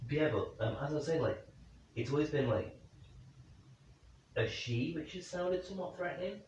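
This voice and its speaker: His voice on the high side, darkish and animated, a man hunting the paranormal at night talks through his ideas at a moderate pace and calls out to spirits in a room. The recording is distant, dull, lo-fi and very echoey, with a faint hiss or hum.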